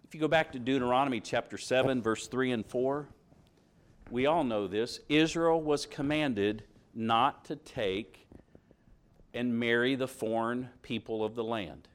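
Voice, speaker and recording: A man's voice: medium pitch, unhurried. A middle-aged man preaching a sermon, reading scripture aloud and asking his congregation questions.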